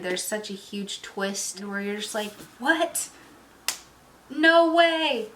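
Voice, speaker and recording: A woman talking casually about a book she read, telling it in an emotional, animated way with lots of fillers. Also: mid-range voice, poor audio. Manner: emotional, animated storytelling with many "like" and "you know". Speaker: book reviewer. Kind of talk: casual book review talk.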